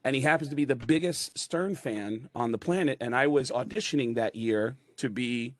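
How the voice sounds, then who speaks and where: Male comedian on a video call, rambling story voice, dry close sound, mid pitch. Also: normal speed, no room sound. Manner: rambling, animated, full of fillers. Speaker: comedian guest. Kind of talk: comic anecdote storytelling.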